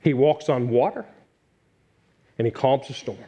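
A man's voice: mid-range voice, measured pace, mellow, highs cut off. A middle-aged man from Virginia preaching a sermon as pastor, talking in a conversational way that repeats its points and turns to the congregation with asides.

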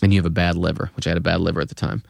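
Gravelly-voiced guy in his 50s telling a story on a podcast, dry close sound, acts out the voices. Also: deep voice, rapid-fire, dry recording. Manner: lively storyteller acting out quoted voices. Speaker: podcast guest. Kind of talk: anecdotal storytelling.

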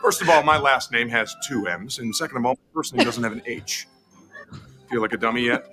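An actor playing a smug, deadpan TV spokesman in a spoof ad, speaking with a smooth, confident pitch. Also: fairly quick, lightly acted. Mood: deadpan salesy. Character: smug male ham-selling TV pitchman, deadpan. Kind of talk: comedy sketch ad read. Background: music under the ad.

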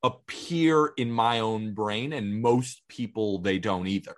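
A man's voice: fairly low pitch, measured pace. A young man co-hosting a casual sports podcast, talking in a blunt, emphatic way. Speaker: podcast co-host. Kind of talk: casual chat.

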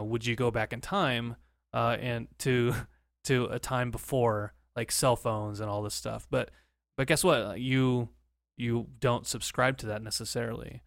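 A man co-hosting a podcast in casual chat, an animated storyteller who repeats words when excited. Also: mid-range voice, moderate pace, no room sound, studio quality. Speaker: podcast co-host.

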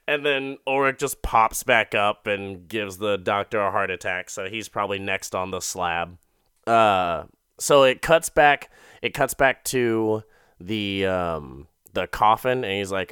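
A young man casually recapping an episode, rambling and profane, slipping into quick character voices and laughing at his own jokes. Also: lowish voice, bright, forceful tone, clean tone, dry recording, clean studio sound.

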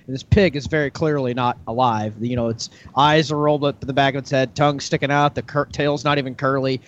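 A man's voice: steady tone, fast, muffled recording, slight background noise. A man co-hosting a podcast, telling a long shaggy-dog joke in a casual storytelling way. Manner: storyteller, jumps to high voices for characters.

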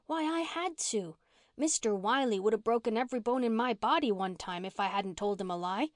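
A woman's voice: on the high side, animated, fairly quick, dry recording, clean studio sound, lightly acted. A woman reading an audiobook and voicing a blunt, touchy orphan girl who talks in country slang.

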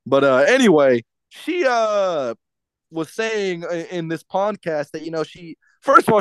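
A man with a high, light voice rants through a casual podcast chat, swearing freely and tripping over restarts. The sound is dry and close, with no room around it. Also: lively intonation, moderate pace, clean tone, no room sound. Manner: profane ranting with stumbling restarts. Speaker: podcast co-host.

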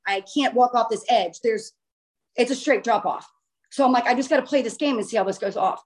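A woman casually telling a long personal story in a chatty, animated way, with the odd swear word. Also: a little high, brisk.

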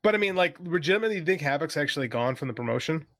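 A man's voice: a little high, racing, dry recording, clean studio sound. A man co-hosting a casual podcast chat, ranting with exasperation. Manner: exasperated ranting, animated swings. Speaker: podcast co-host.

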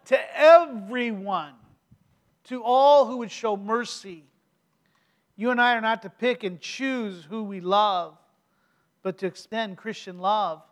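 Middle-aged pastor, very high voice, emphatic sermon delivery with rhetorical questions. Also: male voice, fairly bright tone. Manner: emphatic preaching with rhetorical questions and slow stressed phrases.

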